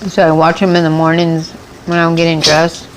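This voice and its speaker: A woman's voice: deep voice, completely flat delivery, moderate pace, background noise. A woman hosting a mukbang eating show, chatting and rambling casually between bites, with a runny nose. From United States. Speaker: mukbang vlogger.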